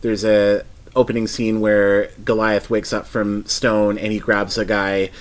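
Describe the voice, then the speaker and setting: A man's voice: on the low side, little pitch movement, a little slow. A man in his thirties, a podcast guest, chatting casually and rambling with frequent restarts and asides. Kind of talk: casual chat.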